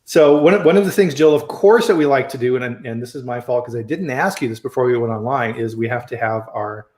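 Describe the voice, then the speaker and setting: A man's voice: mid-range voice, a little fast, darkish tone, echoey room. A man hosting a casual live-stream chat on a video call, friendly and chatty, often restarting his sentences. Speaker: host.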